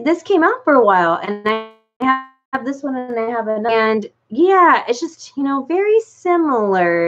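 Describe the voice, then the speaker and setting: Rambling unscripted chat comes from a doll collector vlogger who keeps saying "like" and restarting her sentences as she talks to viewers. Her voice is a little high, and the sound is lo-fi.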